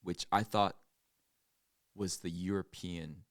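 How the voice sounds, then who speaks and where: A man co-hosting a podcast, telling stories in casual chat with animated, jokey delivery and quick silly impressions. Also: no echo, studio quality. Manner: animated storytelling, bursts into silly high impressions. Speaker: podcast co-host.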